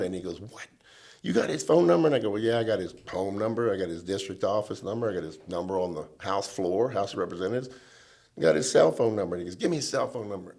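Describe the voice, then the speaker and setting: A middle-aged man, a lobbying veteran telling lively stories as a podcast guest and acting out the people he quotes. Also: low voice. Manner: animated storyteller who acts out quoted people. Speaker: government relations veteran, guest. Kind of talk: casual storytelling chat.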